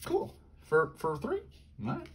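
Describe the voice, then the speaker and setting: Excitable man opening card packs. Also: a little hiss or hum. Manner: excitable, yelping in high bursts; rattles off card text quickly. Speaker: card pack opener. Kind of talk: casual pack-opening commentary.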